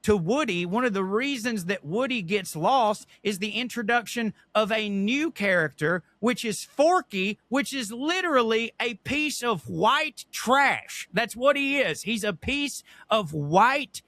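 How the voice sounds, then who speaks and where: Profane, animated podcast co-host, bright and forceful male voice. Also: sits high, measured pace, few pauses, no echo. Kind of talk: casual chat.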